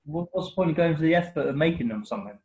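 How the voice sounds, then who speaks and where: A man's voice: fairly high pitch, animated, rapid-fire, a little mellow, low-quality recording. A man with a West Country English accent, co-hosting a casual podcast chat, teasing and laughing often. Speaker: podcast co-host.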